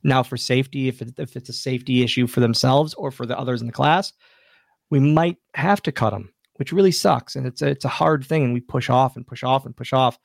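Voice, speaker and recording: Gravelly-voiced male podcast guest, animated storyteller who acts out quotes. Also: mid-range voice, brisk, no echo, studio quality. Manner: animated anecdotes with acted-out quotes. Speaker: podcast guest, wrestler and wrestling school owner. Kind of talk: casual interview storytelling.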